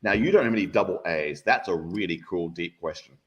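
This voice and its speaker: A man's voice: sits low, lively intonation, fairly quick, lo-fi sound. A man giving a live online maths lesson, explaining number patterns in an enthusiastic, playful way. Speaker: guest maths educator.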